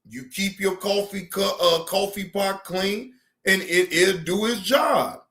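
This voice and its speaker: Profane, animated man ranting on stream. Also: sits high. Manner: animated, profane, repeats himself for emphasis. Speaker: streamer reacting to news. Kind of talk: casual profane rant.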